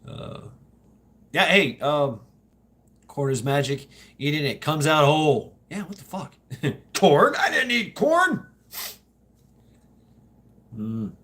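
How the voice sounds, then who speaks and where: A man's voice: on the high side, animated, takes it slowly, long pauses, a bit bright. A Southern man hosting a livestream, talking casually in a rambling, profane way with lots of laughter. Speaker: livestream host.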